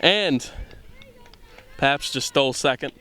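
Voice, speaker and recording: A man from the Boston area giving casual play-by-play commentary at a softball game outdoors, full of rambling, self-deprecating jokes. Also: mid-range voice, normal speed.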